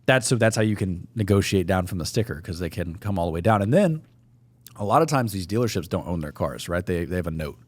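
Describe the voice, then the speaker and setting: A man's voice: low voice, animated, fast, a little mellow, dry recording. A man co-hosting a podcast, explaining in casual, matter-of-fact chat with some swearing. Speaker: podcast co-host.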